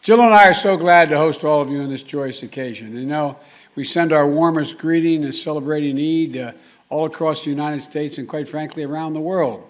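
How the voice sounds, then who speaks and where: A man speaking at a formal reception, halting and restarting, with joking asides to the audience. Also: on the high side, muffled recording. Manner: halting, with repeated words and trailing restarts; jokey asides to the crowd. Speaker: president giving a speech. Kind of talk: formal speech with off-the-cuff asides. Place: formal reception hall, indoors.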